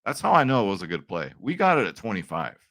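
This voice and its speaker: A young man talks through his betting picks in a chatty, upbeat way, often tossing in a quick check-in with his viewers. His voice sits a little low. The sound is dry and close, with no room around it. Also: huge pitch swings, a bit bright, no echo. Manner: chatty, upbeat, says "right?" and "guys" a lot. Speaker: sports betting picks host. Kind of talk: casual picks video talk.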